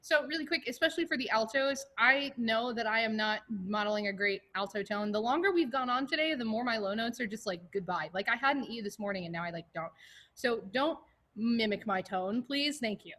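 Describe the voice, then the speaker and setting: A woman's voice: a little high, expressive, brisk, a bit bright. Chatty, joking woman leading choir class. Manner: casual, joking, chatty with many fillers. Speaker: choir warm-up leader. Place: home, online video class.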